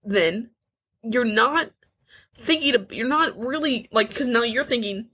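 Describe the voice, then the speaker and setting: An eighteen-year-old woman talks through a candid podcast chat with a slightly high, husky voice. She speaks earnestly but haltingly, restarting her sentences and slipping in nervous little laughs. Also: expressive, bright, forceful tone. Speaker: podcast co-host.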